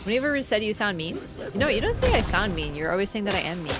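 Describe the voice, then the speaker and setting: A woman streaming a game, chatting casually with her viewers, teasing and jumping between excited bursts and low mutters. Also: fast, loud music behind the voice. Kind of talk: casual gameplay commentary.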